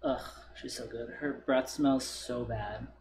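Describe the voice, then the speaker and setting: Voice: mid-range voice, fairly even intonation, slow, reverberant, noisy background. A stream co-host in casual chat, rambling through a long story with many filler words, talking into a desk microphone.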